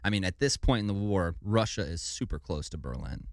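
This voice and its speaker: Low-voiced laid-back man telling history. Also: lively intonation, fairly quick, dry recording, studio quality. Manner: laid-back, stumbles over foreign names, says "dude". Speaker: podcast co-host. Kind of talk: casual history storytelling.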